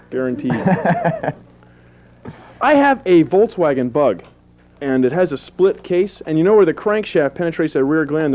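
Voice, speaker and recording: Lively goofy stand-up comic man. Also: highs cut off. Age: 30s. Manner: goofy deadpan jokes with sudden high-pitched character voices. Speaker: stand-up comedian. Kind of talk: stand-up comedy on public access TV. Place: small TV studio with live audience.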